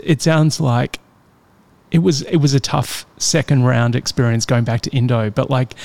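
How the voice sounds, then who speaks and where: Australian man, interview host, mid pitch, thoughtful and rambling with lots of fillers. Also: creaky, a little mellow. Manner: rambling, reflective questions full of fillers. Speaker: podcast host. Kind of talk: interview conversation.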